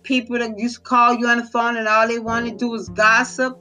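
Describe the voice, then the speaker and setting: A woman's voice: on the high side, flat delivery, brisk, sharp tone, soft background music. A woman giving a motivational faith talk, exhorting listeners with repeated phrases. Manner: repetitive, exhorting, preacher-like. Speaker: speaker of a faith podcast.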